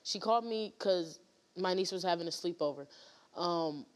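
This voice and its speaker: A woman's voice: fairly low pitch, normal speed. A woman guest on a talk show, telling a painful story in a rambling way with many fillers and restarts.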